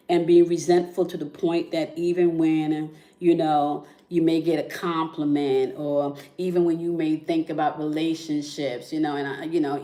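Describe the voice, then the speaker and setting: Woman talking from her bedroom, kinda low voice, keeps saying okay? right? while she tells her story. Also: dark tone. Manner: repetitive, conversational, frequent "okay?" and "right?" check-ins. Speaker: spiritual content creator. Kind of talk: emotional personal storytelling.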